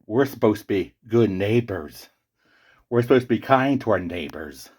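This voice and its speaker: A man's voice: fairly low pitch, animated, normal speed, darkish tone, breathy edge. A man voicing a fussy, pedantic male character who keeps correcting others in a comedy skit. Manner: correcting, know-it-all.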